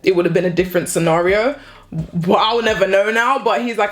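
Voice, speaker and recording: A woman's voice: mid-range voice, brisk. A young woman, telling a story time vlog with repeated rhetorical questions. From born in the UK, raised in New Jersey and Florida. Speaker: vlogger. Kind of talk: story time, casual chat.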